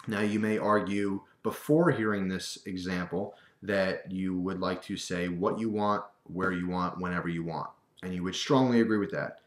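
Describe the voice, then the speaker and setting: A man talking casually to camera in a rant, animated and wry, acting out quoted voices. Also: deep voice, moderate pace. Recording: echoey room.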